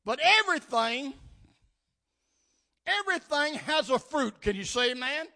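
High, bright-voiced preaching man. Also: very animated, measured pace, vocal fry. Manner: preaching with rising bursts and calls of amen. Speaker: pastor. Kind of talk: sermon.

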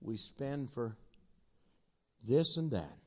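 An older man with grandchildren preaching a sermon, telling folksy stories and swinging from loud exclamations to quiet asides. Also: medium pitch, sing-song, slow pace. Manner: folksy storytelling with plain southern-style grammar.

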